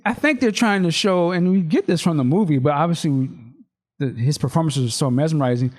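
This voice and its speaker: Male podcast host, loose casual delivery, reads script lines with bits of acting. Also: a little high. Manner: loose, animated, reads script aloud with quick acted lines.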